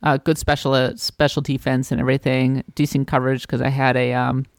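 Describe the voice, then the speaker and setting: A man co-hosting a casual podcast chat, talking in a relaxed way with frequent fillers and restarts. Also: medium pitch, brisk, gravelly, no room sound, clean studio sound. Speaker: podcast co-host.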